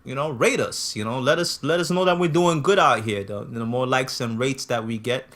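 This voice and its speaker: A man's voice: mid-range voice, normal speed. A man co-hosting a casual podcast, chatting and urging listeners to subscribe and rate the show. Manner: animated, agreeable, hypes the show. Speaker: podcast co-host. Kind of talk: casual chat.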